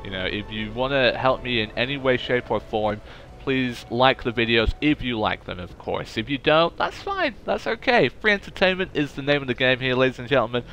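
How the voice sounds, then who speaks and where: Excitable young streamer, cheap mic. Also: male voice, mid-range voice, fairly quick, faint music behind. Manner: chatty, excitable, thanking viewers. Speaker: gaming streamer. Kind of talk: casual live-stream chatter. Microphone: cheap desk microphone.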